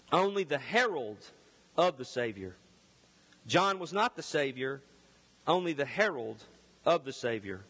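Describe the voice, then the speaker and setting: Loud, high Southern preacher in an echoing hall. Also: male voice, slightly rough. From Mississippi Delta, US South. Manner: loud, emphatic preaching with rising shouts. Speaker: pastor. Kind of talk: sermon.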